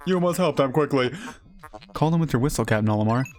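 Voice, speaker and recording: A man voicing a deep-voiced male ship's robot that talks in a stiff, formal, dutiful way. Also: animated, quick pace, darkish tone, faint music behind, natural voice.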